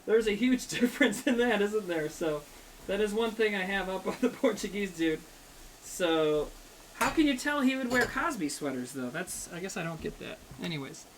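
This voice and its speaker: A man's voice: high voice, lively intonation, moderate pace, a little hiss or hum, low-quality recording. A man chatting casually with his livestream chat while he cooks, rambling and swearing, joking at his own expense. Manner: rambling, profane, self-mocking banter with chat. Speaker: streamer cooking live.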